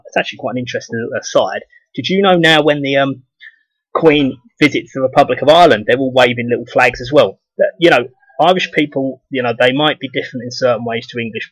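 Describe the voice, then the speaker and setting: A man's voice: medium pitch, quick pace, a bit bright, slightly rough, no echo, low-quality recording. A man blogging to camera in a blunt, profane, scornful rant. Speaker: video blogger. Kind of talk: casual ranting monologue to camera.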